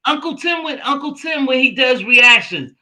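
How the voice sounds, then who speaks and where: A woman hosting a casual livestream chat, animated and laughing, bursting into shouts when excited. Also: high-pitched, moderate pace, low-quality recording. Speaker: livestream host.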